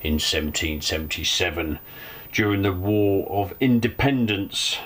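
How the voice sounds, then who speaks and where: A man's voice: sits low, measured pace, a bit bright. A middle-aged man casually reading an on-this-day list on his channel, breaking off into chatty asides and self-corrections. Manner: chatty, reads then adds personal asides and self-corrections. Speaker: vlogger hosting a Q&A.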